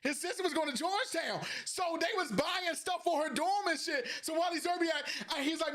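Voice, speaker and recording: Animated high-voiced man telling stories. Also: brisk, hardly any pauses. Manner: animated storyteller, laughs often, acts out voices. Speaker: podcast co-host. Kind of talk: casual chat, telling funny stories.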